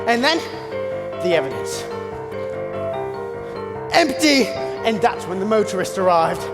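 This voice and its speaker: A man playing a theatrical butler who narrates in a school stage play, telling the story with dramatic, animated energy. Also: high voice, unhurried, heavily acted. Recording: long hall reverb with loud music.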